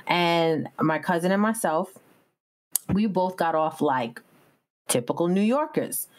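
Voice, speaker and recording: A woman's voice: lowish voice, expressive, measured pace. A woman from Dominica co-hosting a podcast, telling stories animatedly and acting out other people's voices. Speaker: podcast co-host. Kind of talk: casual storytelling chat.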